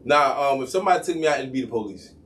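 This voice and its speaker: A man spinning a profane story in casual chat, his pitch leaping high and low as he plays every part. He sits some way off the mic, with a faint hum of room noise behind him. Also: racing, far from the mic. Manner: animated, profane, acts out both sides of a story. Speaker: podcast co-host.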